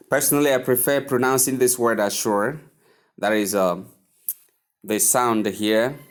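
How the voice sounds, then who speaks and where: A man teaching English pronunciation, speaking slowly and deliberately and repeating words for learners to echo. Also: fairly low pitch. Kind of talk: pronunciation lesson.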